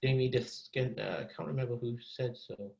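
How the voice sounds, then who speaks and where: A man teaching an acting masterclass, talking in an animated, encouraging way and repeating words as he thinks. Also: medium pitch, fairly quick, gravelly, muffled recording. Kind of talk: masterclass coaching.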